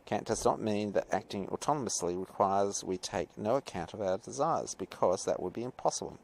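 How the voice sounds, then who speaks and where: Man, teacher, podcast lecture; low, creaky voice; hesitant and digressive. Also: lively intonation, a little fast, a little mellow. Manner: rambling, hesitant, many fillers and asides. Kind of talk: podcast lecture, reading and commenting.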